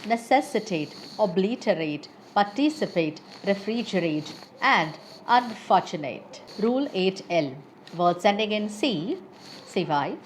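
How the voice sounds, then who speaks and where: A woman English teacher giving a lesson, listing example words slowly and carefully. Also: medium pitch, a little hiss or hum, low-quality recording. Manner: slow, deliberate word-by-word listing.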